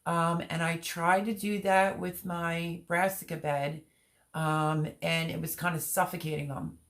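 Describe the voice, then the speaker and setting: This woman speaks slightly slowly in a low register with little pitch movement. As the host of a gardening live stream, she rambles through casual chat, shows off seed packets, and reads out viewer comments to respond to them.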